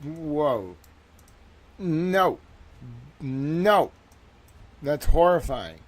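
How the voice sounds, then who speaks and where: A man hosting a live reaction stream, swearing freely and swinging between low mutters and loud exclamations. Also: big pitch swings, very slow.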